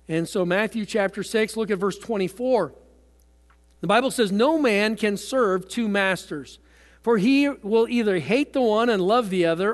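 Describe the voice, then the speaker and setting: A man preaching from the pulpit in a high voice, stumbling over his words and repeating them as he goes. His sermon rings out with the long reverb of a church hall. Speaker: pastor.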